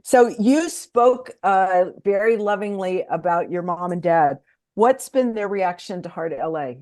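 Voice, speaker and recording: A woman hosting an interview who asks questions and answers her guest with warm affirmations. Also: medium pitch, animated, a little slow. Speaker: interviewer, host.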